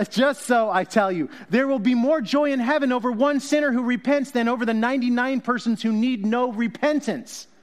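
A man preaching a conversational sermon, joking, laughing and correcting himself as he goes. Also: extremely high pitch. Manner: jokey, self-correcting, laughs often. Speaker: pastor.

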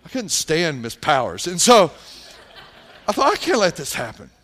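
A male pastor with a fairly high voice delivers a sermon as a story. He moves between animated retelling and quiet, hushed emphasis. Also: normal speed.

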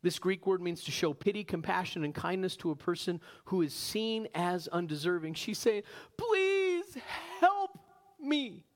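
A man preaching a sermon as pastor, animated, asking the congregation rhetorical questions and slowing down for emphasis. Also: high-pitched. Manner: varies pace, slows for emphasis.

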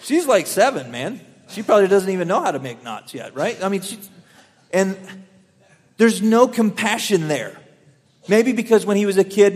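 Earnest young pastor in a reverberant hall. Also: male voice, high-pitched, sing-song, normal speed, breathy edge. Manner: earnest, swells louder on key lines, drops soft in stories. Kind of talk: sermon with personal stories.

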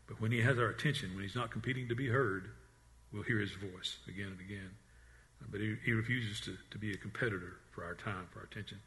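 A man preaching a sermon in an earnest voice, often repeating and restarting words, and dropping to a hush on the quiet lines. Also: fairly low pitch, fairly even intonation, fast. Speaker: pastor.

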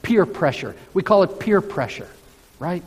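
A male pastor delivers a sermon in a slightly higher-pitched voice, pacing his words slowly and leaning hard on key phrases. His voice rings out through a church sanctuary with a long, lingering reverb. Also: animated, slightly rough. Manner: slow, emphatic preaching with drawn-out phrases.

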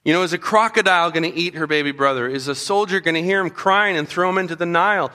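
Bright, high-voiced animated preacher man. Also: quick pace. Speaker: children's pastor. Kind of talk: storytelling sermon.

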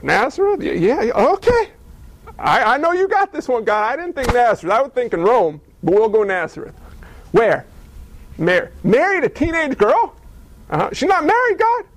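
A man voicing the angel Gabriel as an excitable male messenger who fires off rapid, disbelieving questions. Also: extremely high pitch, pitched above the performer's own voice, heavily acted. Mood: incredulous.

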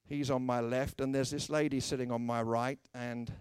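A man's voice: mid-range voice, little pitch movement, normal speed, darkish tone, clear, resonant tone, no room sound. A British man preaching a humorous sermon, telling stories and acting out the voices of the people in them with dry, self-mocking wit. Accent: British English. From Britain. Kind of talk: humorous sermon with acted anecdotes.

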